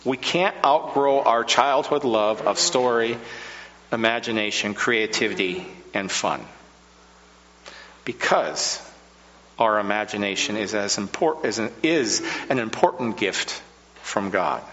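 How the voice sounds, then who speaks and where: A man delivering a sermon in a slow, measured preaching style with dramatic pauses. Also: on the low side, a bit bright, long reverb tail, highs cut off, slight background noise.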